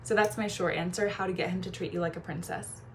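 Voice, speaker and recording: Animated young woman coach telling stories. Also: fairly low pitch, fast talker, slight background noise. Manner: animated storyteller, shifts voice when quoting people. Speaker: feminine energy coach. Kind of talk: casual advice talk with personal storytelling.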